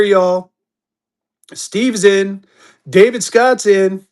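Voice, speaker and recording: A fairly high-voiced man with a drawl calls out lots on a live auction stream. He talks in quick, hyped bursts, repeating his calls and urging bidders on. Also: fairly even intonation.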